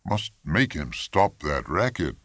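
A man's voice: a bass voice, sing-song, slow pace, a bit bright, breathy edge, no echo, heavily acted. A man reading a story aloud, voicing a curt, confident professional hunting guide who talks in clipped phrases. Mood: brisk. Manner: clipped, terse.

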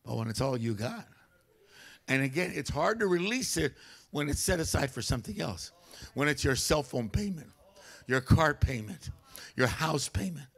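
A man preaching a humorous storytelling sermon in a church, animated and comic, acting out voices. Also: a little high, moderate pace, vocal fry. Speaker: guest preacher. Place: church sanctuary.

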